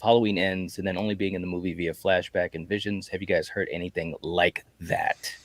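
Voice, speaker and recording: A man co-hosting a casual livestream chat, talking in an animated way with stammering restarts. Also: low voice, a little fast, dry recording. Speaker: livestream co-host.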